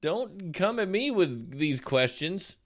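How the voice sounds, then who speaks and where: Young male podcast co-host, lively intonation, casual and jokey. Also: high-pitched, takes it slowly. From Florida. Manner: animated, laughs often, acts out quotes.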